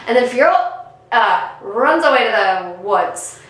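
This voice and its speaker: Woman, high voice, giggly rambling recap, heavy room echo. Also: animated, unhurried, a bit bright. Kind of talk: casual comedic retelling.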